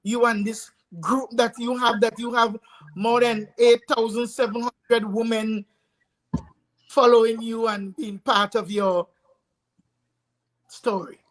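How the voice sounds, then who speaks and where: A woman's voice: fairly high pitch, little pitch movement, slow pace, long pauses, rough recording. A woman hosting a talk show, interviewing a guest and announcing a break.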